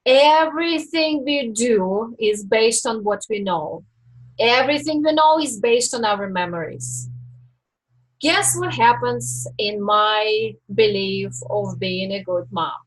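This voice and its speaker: A woman coach talks through her steps at an unhurried, careful pace on a live stream. Her voice sits a little high and has a soft, husky, breathy grain. She teaches in a deliberate way and pauses to reflect. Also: big pitch swings, poor audio. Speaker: life coach.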